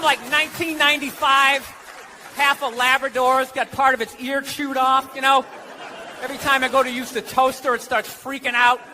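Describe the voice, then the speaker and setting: Man, stand-up comic, sarcastic rant, very high pitched delivery, live club crowd laughing, noisy recording. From United States. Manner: ranting, sarcastic, often shouting. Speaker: stand-up comedian. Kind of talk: stand-up comedy set. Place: comedy club stage before an audience.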